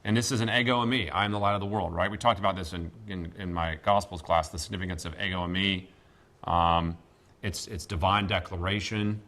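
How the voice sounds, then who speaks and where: A man teaching a classroom Greek lesson, speaking deliberately with many pauses and fillers. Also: low voice, fairly even intonation, pushed and bright. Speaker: seminary professor.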